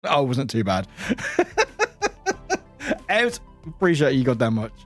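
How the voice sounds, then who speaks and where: A man's voice: mid-range voice, takes it slowly, faint music behind. A man from the UK, a streamer chatting casually and animatedly with his live chat from home. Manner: animated, laughing, greeting chat by name. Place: home room.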